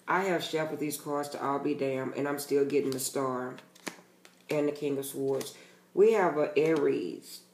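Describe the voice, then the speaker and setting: A man's voice: medium pitch, a little mellow, roomy sound. A man giving a casual tarot reading to his channel's viewers, talking bluntly and emphatically and swearing freely. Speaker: tarot reader.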